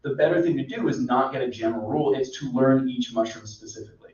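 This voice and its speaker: A man, a mycologist guest, explaining in a relaxed, rambling way with many fillers. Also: medium pitch, quick pace. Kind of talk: casual explanatory chat. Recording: echoey, distant, dull sound.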